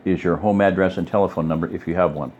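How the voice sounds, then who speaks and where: A man voicing a brisk young aid worker woman. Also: sits low, steady tone, a little mellow, breathy edge, lo-fi sound. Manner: efficient, industrious.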